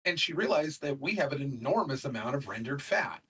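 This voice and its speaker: A man's voice: medium pitch, expressive, brisk, sharp tone, far from the mic, a little hiss or hum, low-quality recording. A middle-aged man chatting casually as a guest, rambling with lots of fillers. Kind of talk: casual conversation.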